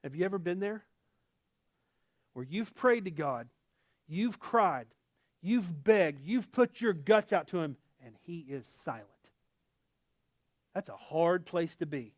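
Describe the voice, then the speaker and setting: A man preaching a sermon as a pastor, emphatic and animated, with casual humor. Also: a little high, slow pace, pauses often, no echo, studio quality.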